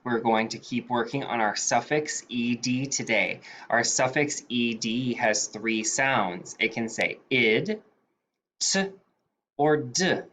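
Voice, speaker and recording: A male teacher leading a phonics dictation lesson, sounding out words slowly and deliberately. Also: mid-range voice, pushed and bright, a little hiss or hum, poor audio.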